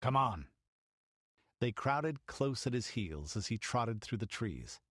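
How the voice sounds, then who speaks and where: Lively dramatic male audiobook narrator. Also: mid-range voice, unhurried, no room sound, clean studio sound. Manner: dramatic storytelling. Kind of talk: scripted narration.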